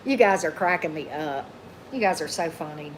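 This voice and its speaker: Hoarse chatty woman with a twang. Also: animated, moderate pace, a little hiss or hum. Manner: chatty, reads out comments, calls her dog in a high coaxing voice. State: going hoarse. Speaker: tarot reader hosting a livestream. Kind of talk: casual live chat with viewers. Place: indoors at a table at home.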